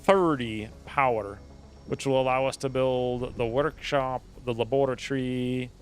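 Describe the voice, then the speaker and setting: A man's voice: mid-range voice, fairly even intonation, a little slow. A man streaming a strategy game, thinking aloud in a rambling, playful way as casual gaming commentary.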